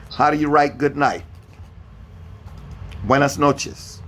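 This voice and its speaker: A man's voice: a little high, expressive, measured pace, long pauses, fairly bright tone. A man teaching a beginner Spanish lesson over a video call, patiently repeating each question and spelling words out letter by letter. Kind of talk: online beginner language lesson.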